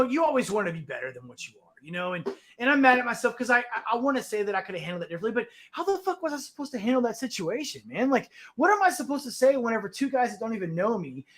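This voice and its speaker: A man telling a story in casual chat on a call-in show. He swears freely and acts out the other people in his stories with lively changes of voice. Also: extremely high pitch. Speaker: guest on a call-in talk show.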